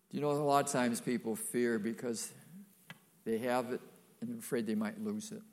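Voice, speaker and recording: A man's voice: fairly low pitch, gravelly. An older man preaching a sermon, folksy and emphatic, with playful asides to the congregation.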